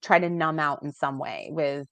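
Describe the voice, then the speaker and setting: A woman's voice: low voice, moderate pace, creaky, a bit bright, no echo. An American woman in casual conversation, talking animatedly and acting out quoted dialogue, heard over a video call. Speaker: guest life coach. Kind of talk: casual chat.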